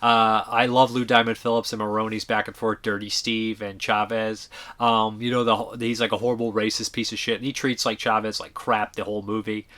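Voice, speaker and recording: A man's voice: on the low side, flat delivery, brisk, a bit bright. A man hosting a casual movie review show, rambling enthusiastically, swearing freely and trailing off as he searches for words. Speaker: movie reviewer and channel host.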